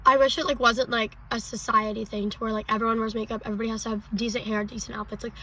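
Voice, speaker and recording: A woman's voice: fairly high pitch, level tone, racing, pushed and bright, breathy edge. A teenage girl co-hosting a podcast, chatting casually and filling her talk with "like". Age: teens. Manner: chatty, many "like" fillers. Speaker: podcast co-host. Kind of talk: casual chat. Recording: distant mic with faint noise.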